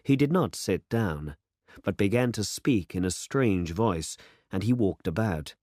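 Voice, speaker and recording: A man narrating a story for English learners in a measured, deliberate manner. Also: lowish voice, expressive, a little mellow, no room sound, clean studio sound.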